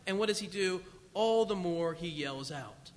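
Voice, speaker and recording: A man preaching a sermon, telling the story in a conversational, animated way. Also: sits high, a little slow, in a large hall.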